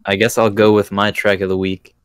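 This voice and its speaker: Low, flat-voiced laid-back man. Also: a little fast, crowd noise. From Florida. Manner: laid-back, slangy, says "freaking" a lot. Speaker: podcast host. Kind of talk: casual chat.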